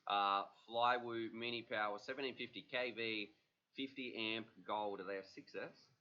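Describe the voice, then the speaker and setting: A man's voice: fairly low pitch, steady tone, moderate pace, bright, forceful tone. A man hosting a livestream, chatting casually and rambling with plenty of fillers. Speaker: livestream host. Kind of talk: casual chat. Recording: dull lo-fi livestream audio.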